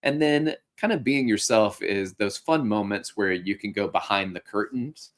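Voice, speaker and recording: A man's voice: on the low side, normal speed. A middle-aged man hosting a podcast, giving casual, upbeat coaching advice with a joking streak. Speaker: podcast host and fitness instructor.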